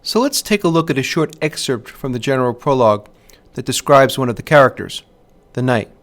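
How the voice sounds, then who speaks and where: A man narrating a scripted poetry lesson as a teacher, in a measured way, stressing the rhythm when he reads verse aloud. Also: mid-range voice, expressive, fairly bright tone.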